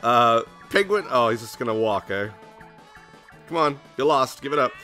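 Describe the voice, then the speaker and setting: A young man hosting a let's play, giving jokey, excitable commentary on his gameplay. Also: moderate pace, faint music behind. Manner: jokey, excitable, jumps into squeaky put-on voices.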